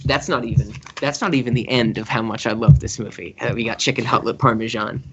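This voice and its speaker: A man co-hosting a film podcast, excitable and swearing freely as he laughs through his review. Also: medium pitch, fairly quick, lo-fi sound, very noisy. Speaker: podcast co-host. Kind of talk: casual film review chat.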